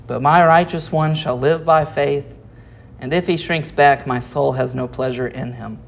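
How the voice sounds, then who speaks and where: A preacher delivers an expository sermon at a medium pitch. The preacher reads verses aloud, then explains them and asks rhetorical questions of the listeners. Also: measured pace, vocal fry. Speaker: pastor.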